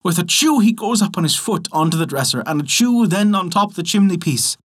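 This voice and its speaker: A man narrating a folk tale in an expressive storytelling manner. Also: high-pitched, fairly quick, breathy edge.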